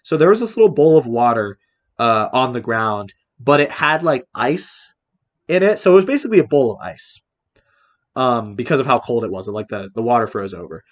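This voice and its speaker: A young man hosts a podcast in an easygoing, hesitant way, pausing and filling gaps as he talks. His voice sits at an ordinary middle pitch for a man. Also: animated. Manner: hesitant, many fillers, easygoing. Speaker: podcast host. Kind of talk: casual storytelling chat.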